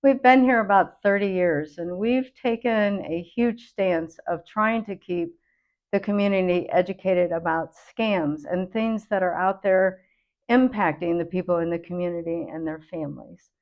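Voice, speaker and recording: A woman's voice: fairly low pitch, normal speed, lo-fi sound. A woman host, a computer consultant, earnestly explaining a public safety warning.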